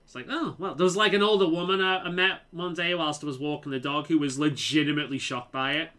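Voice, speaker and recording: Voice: mid-range voice, steady tone, fast, bright, forceful tone. A streamer from the Liverpool area giving casual, rambling commentary while playing a game and swearing freely. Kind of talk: casual let's-play commentary.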